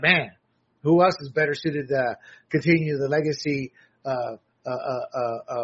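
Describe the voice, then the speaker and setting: A man's voice: a little high, a bit bright, slightly rough, lo-fi sound. An American man giving blunt, sarcastic solo commentary, often restarting his sentences. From United States.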